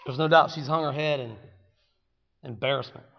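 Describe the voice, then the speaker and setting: A man preaching a sermon, swinging dramatically between hushed storytelling and loud, fervent exclamation. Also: mid-range voice, normal speed, gravelly. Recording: dull sound with long hall reverb.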